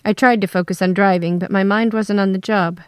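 A woman's voice: mid-range voice, a little fast, clear, resonant tone, no echo. Give me a woman narrating a story steadily, in a dry, close recording. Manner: steady first-person storytelling. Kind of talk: scripted narration.

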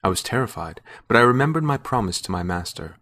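A man narrates a first-person story in a measured, steady way. His voice sits on the low side. The reading is calm and unhurried, a classic audio fiction narration. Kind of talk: scripted narration.

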